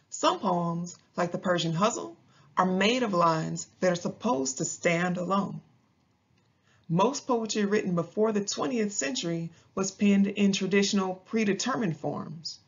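A woman teacher calmly explaining how to read poetry in clear, scripted narration, slowing down to stress rhythm. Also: on the low side, highs cut off. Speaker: English teacher.

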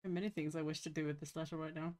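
A woman's voice: low-pitched, fairly even intonation, racing, darkish tone. A woman playing a tabletop game, teasing and playful in casual chat. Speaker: player.

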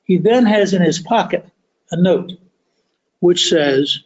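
A man hosting a podcast, telling a history story as a deliberate, emphatic monologue that stretches key words. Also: high-pitched, dull audio. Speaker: podcast host.

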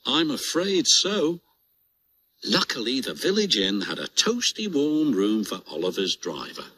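A British man narrating a children's storybook with a lively, expressive reading voice. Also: on the low side, moderate pace, breathy edge.

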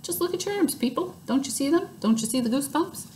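A woman's voice: sits high, animated, fast talker, darkish tone, slight background noise, pitched above the performer's own voice, rough recording. A woman voicing a vain, bossy little rich girl in a storybook reading, in a gushing, showy manner.

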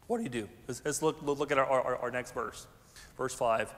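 A man, a pastor preaching a conversational, animated sermon with folksy asides. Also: medium pitch, normal speed. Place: large church sanctuary. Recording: long hall reverb.

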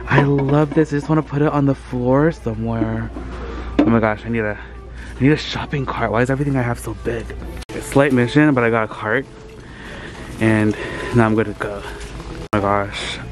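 A man hosting a casual vlog, gushing and excitable, talking straight to viewers while filming on a handheld camera. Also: mid-range voice, moderate pace, pauses often, music in the background. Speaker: vlogger host. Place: thrift store, then home kitchen.

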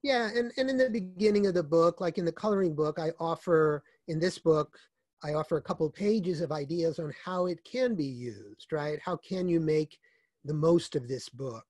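A man being interviewed as an author, speaking in a measured, explanatory way that often restarts phrases. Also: on the high side, darkish tone, dry recording. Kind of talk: conversational interview.

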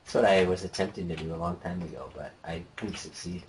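Low-voiced guy playing a game with a friend, dry jokey comments, little bit of hiss. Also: fairly even intonation, fast talker, a little mellow. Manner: dry, joking, laid-back. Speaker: let's play co-host. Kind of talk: casual gameplay chat.

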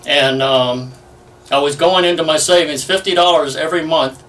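A man in his seventies telling stories in an oral history interview, lively and full of fillers. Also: a little high, normal speed. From United States. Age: 70s. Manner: lively anecdotal storyteller, many fillers. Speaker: Navy veteran interviewee. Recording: distant from the mic.

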